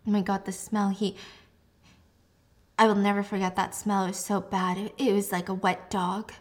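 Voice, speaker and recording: A woman voicing a traumatized young woman patient, crying as she haltingly tells her story. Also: medium pitch, level tone, close to an everyday voice. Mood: distraught. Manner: halting, emotional retelling.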